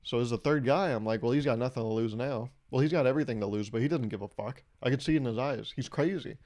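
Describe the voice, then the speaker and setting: A young man hosting a podcast, telling comedic stories in a casual way and acting out quotes in a raised, animated voice. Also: mid-range voice, quick pace. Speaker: podcast host.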